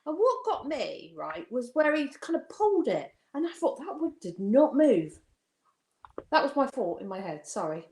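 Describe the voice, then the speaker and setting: A woman's voice: high voice, big pitch swings, moderate pace, hardly any pauses, a little mellow, roomy sound. A woman from England chatting on a podcast, rambling and interrupting herself as she tells things. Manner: rambling, self-interrupting storyteller. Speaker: podcast co-host. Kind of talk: casual chat.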